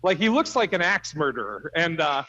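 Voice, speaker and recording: A man's voice: on the high side, big pitch swings, moderate pace, pushed and bright, highs cut off. Man telling a stand-up story. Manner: laughs at his own punchlines, swears freely. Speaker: stand-up comedian.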